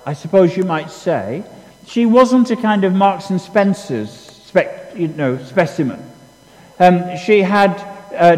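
A man's voice: high-pitched, darkish tone, in a large hall, low-quality recording. A man preaching a sermon, telling stories in a conversational, self-deprecating way with many restarts. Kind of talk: sermon with storytelling.

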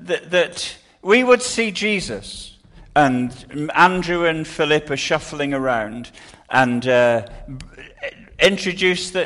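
An older man delivers a sermon in an earnest, unhurried way. His voice sits a little high for a man, and he often stumbles and restarts mid-sentence. He moves slowly through each point. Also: fairly bright tone. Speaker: preacher.

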